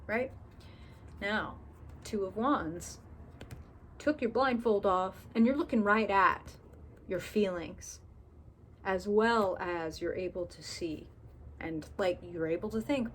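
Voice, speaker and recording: A woman's voice: medium pitch, a little hiss or hum. A woman giving a casual tarot reading to camera, chatty and candid, swearing freely and acting out people's inner thoughts. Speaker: tarot reader.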